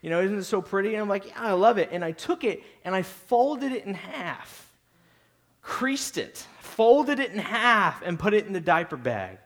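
A young adult man preaching a sermon in a high-pitched voice. His talk is casual and conversational, full of restarts, rhetorical questions and quick asides. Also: big pitch swings, a bit bright. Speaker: pastor.

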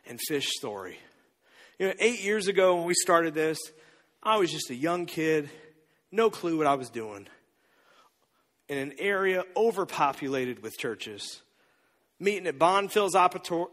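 A man in his thirties preaching a sermon, telling the story with lively, acted-out voices. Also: fairly high pitch, long reverb tail. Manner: animated storytelling, acting out the disciples' voices. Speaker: pastor.

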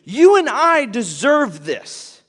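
A man's voice: extremely high pitch, huge pitch swings, normal speed, darkish tone, husky, heavily acted. A man playing an urgent, remorseful criminal. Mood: urgent rebuke. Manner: urgent, scolding, earnest. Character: remorseful male criminal rebuking another. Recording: long hall reverb.

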